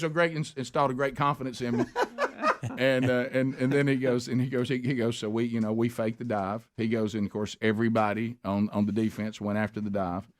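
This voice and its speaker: A middle-aged man, a radio talk show host telling a long story and acting out the people he quotes with sudden high shouts. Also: fairly even intonation, brisk, noisy background. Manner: rambling storyteller who acts out quotes with big high shouts.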